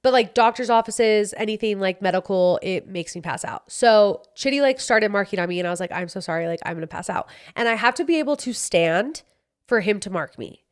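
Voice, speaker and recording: A young woman hosting a podcast, telling a personal story in a casual, animated way, acting out the dialogue and swearing freely. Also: medium pitch, fairly quick, clean tone. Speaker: podcast host.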